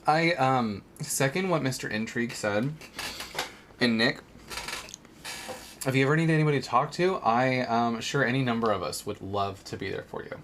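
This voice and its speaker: A man's voice: mid-range voice, normal speed, a bit bright, slight background noise. A man streaming a game live, chatting and joking with his viewers. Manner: chatty, joking, talks straight to chat. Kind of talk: casual live-stream chat while playing.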